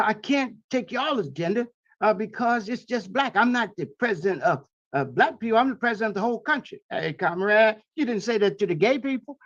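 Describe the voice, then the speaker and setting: Man, interview guest, husky voice, lively swinging pitch, preacherly repetition, dull lo-fi audio. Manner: preacherly, repetitive emphasis, rhetorical questions. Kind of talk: impassioned spoken commentary.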